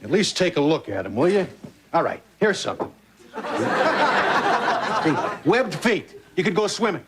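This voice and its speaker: An exasperated sitcom dad, with a fairly high voice that swings up and down. Heavy noise sits under the sitcom audio. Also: male voice, sing-song, normal speed. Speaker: sitcom father.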